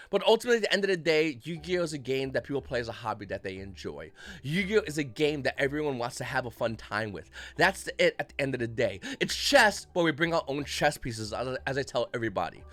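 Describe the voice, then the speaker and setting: A man's voice: fairly high pitch, lively intonation, fast talker, a bit bright. A man in his thirties, hosting a card game channel, rambles and rants casually with lots of swearing and mocking asides. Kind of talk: casual rant to camera.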